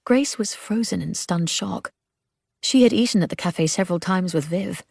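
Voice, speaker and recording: A woman narrating an audiobook in a measured, steady storytelling manner. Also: on the low side, vocal fry, slightly rough, dry recording, clean studio sound. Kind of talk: scripted narration.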